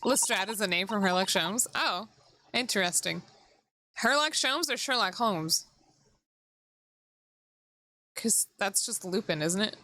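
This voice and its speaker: A woman's voice: medium pitch, a little slow, pauses often, pushed and bright, no room sound. A woman streamer giving casual gameplay commentary, blunt and curious, cursing and asking questions. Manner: blunt, curses, laughs a lot, asks wondering questions. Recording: background music playing.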